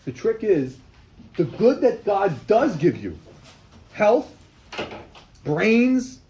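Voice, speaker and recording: Lively rabbi teaching, man, high voice with wide swings, rhetorical. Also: drawn-out words, slight background noise, rough recording. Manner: animated, rhetorical questions, acts out dialogues with God. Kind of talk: lively sermon.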